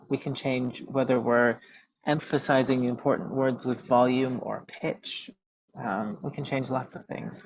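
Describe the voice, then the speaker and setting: A vocal coach with a gravelly, medium-pitched voice teaches a webinar over a video call, explaining technique methodically while saying "um" a lot. The video call audio is dull and lo-fi.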